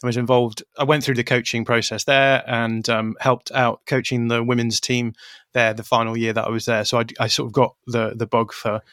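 A man's voice: medium pitch, level tone, normal speed, fairly bright tone, no echo, clean studio sound. A man being interviewed on a podcast, talking in a thoughtful way and qualifying his points as he goes. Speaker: podcast guest. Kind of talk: interview conversation.

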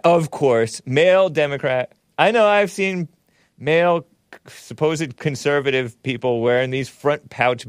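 A male talk show host who comments on clips with mockery, breaking into laughter and jumping up in pitch for his asides. His voice sits at a middle pitch. It is recorded close and dry, with no room sound. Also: clean tone, no room sound. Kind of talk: casual political commentary.

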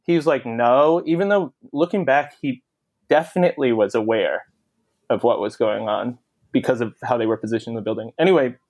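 A man's voice: medium pitch, brisk, darkish tone. A man telling a long story in casual podcast chat, swearing freely and acting out the people he quotes. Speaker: podcast co-host.

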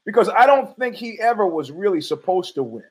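A man's voice: high-pitched, very animated, a little fast, a little mellow, rough recording. A man hosting a podcast, rambling and profane, arguing with himself in a casual monologue. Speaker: podcast host.

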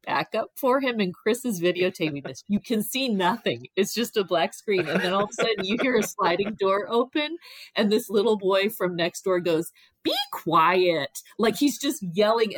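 A middle-aged woman tells a personal story in a relaxed, chatty way, jumping up in pitch whenever she acts out what people said. Her voice sits fairly low, and the recording is close and dry with no room sound. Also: no echo. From Ohio. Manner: animated, acts out quoted voices. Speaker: guest telling her story. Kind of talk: casual storytelling.

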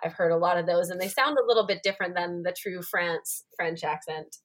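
A woman's voice: on the low side, a little fast. A woman hosting a casual podcast interview, chatty and reassuring. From Canada. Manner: relaxed and reassuring, chatty, laughs easily. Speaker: podcast host.

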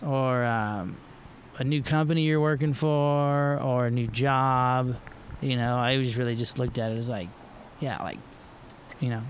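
A man's voice: mid-range voice, steady tone, measured pace, a little hiss or hum. A middle-aged man from Florida, a pro surfer guest, talking in a loose, rambling way with lots of fillers and restarts. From Florida, USA. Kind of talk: casual podcast conversation.

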